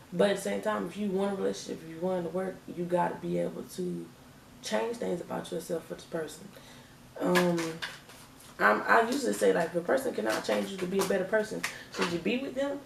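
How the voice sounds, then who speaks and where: Gravelly woman reading tarot. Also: lowish voice, brisk, a little hiss or hum. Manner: chatty, emphatic, repeats phrases, laughs often. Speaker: tarot reader. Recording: echoey room, distant mic.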